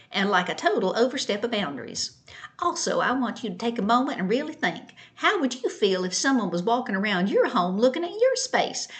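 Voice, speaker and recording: A woman's voice: medium pitch, a bit bright. Brief: a woman doing a passive-aggressive sister-in-law, raised and snippy, lecturing down at the listener. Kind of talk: mocking read-aloud of a message.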